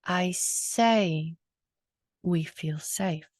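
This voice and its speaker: A woman storyteller on a video call, telling a folk tale slowly and softly, lingering on words. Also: lowish voice, dry recording, studio quality. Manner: soft, hushed, lingering on words. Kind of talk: slow atmospheric storytelling.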